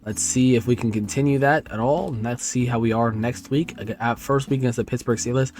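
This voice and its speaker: A man's voice: mid-range voice, quick pace, few pauses, darkish tone, soft background music. A tired young man giving frustrated, profane commentary on his football video game season as a gaming YouTuber. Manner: swearing, frustrated rambling. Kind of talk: casual gameplay commentary.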